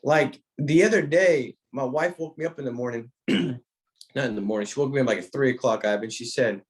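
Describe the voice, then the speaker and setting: A man's voice: mid-range voice, a little fast. A man giving a motivational talk to sales agents, with an emphatic, preacher-like cadence, repeating phrases and restarting his sentences. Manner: frequent restarts, speaks directly to a listener by name. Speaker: insurance sales trainer.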